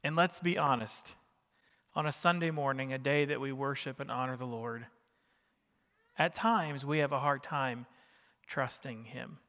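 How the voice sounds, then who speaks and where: A man's voice: medium pitch, fairly bright tone, in a large hall. A man preaching a sermon in a church, talking casually with the congregation and joking with them as he goes. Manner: conversational preaching with jokes and questions to the congregation. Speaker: pastor.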